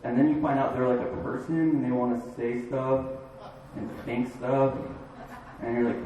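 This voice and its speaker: A man from Florida doing a stand-up comedy set in a dive bar, with a halting, rambling delivery full of fillers. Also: medium pitch, flat delivery, warm tone, heavy reverb, recorded from a distance, muffled recording, a little hiss or hum. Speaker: stand-up comic.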